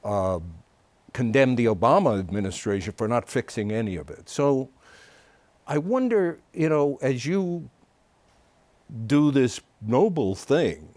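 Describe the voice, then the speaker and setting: A man hosting a TV interview, asking a long, measured question with some hesitation. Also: medium pitch, big pitch swings, darkish tone, no room sound. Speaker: TV interview host. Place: TV studio.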